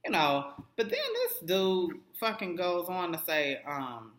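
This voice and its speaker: A man's voice: high voice, wildly swooping pitch, takes it slowly, a bit bright. A young adult man casually recapping a TV episode, swearing constantly and acting out the characters' lines. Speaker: TV recap vlogger. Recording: echoey room.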